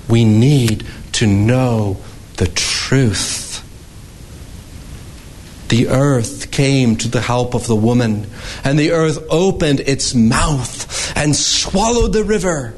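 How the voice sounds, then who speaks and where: A man preaching a sermon as pastor, slow and emphatic, his voice climbing high when he quotes scripture. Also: darkish tone, poor audio.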